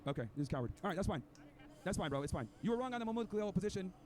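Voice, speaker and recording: Fast, high-voiced combative man. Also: expressive, darkish tone, slight background noise. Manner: combative, rapid and insulting, lecturing. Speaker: podcast host. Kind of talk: heated debate clip.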